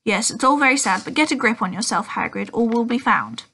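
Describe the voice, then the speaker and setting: Woman reading strict older witch professor, brisk and hushed, storybook. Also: on the high side, lively intonation, creaky, husky, full character voice. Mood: hushed stern.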